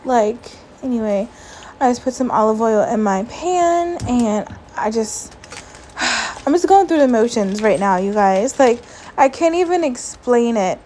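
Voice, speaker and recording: A stressed, emotional woman talking softly in a casual vlog voiceover, sighing often and filling her talk with "like.". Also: fairly high pitch, animated, a little slow, slight background noise, poor audio. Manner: soft, sighing, frequent "like" fillers. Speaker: vlogger. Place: at home, lying down. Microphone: voiceover mic.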